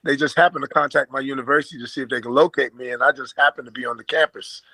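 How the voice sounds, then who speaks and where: An older man from Brooklyn with an American accent and a slight Australian twang, chatting as an interview guest and telling stories in a relaxed way with fillers and chuckles. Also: mid-range voice, very fast, vocal fry, husky, dry recording, low-quality recording. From Brooklyn, New York. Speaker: guest, former basketball player. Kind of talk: casual storytelling in an interview.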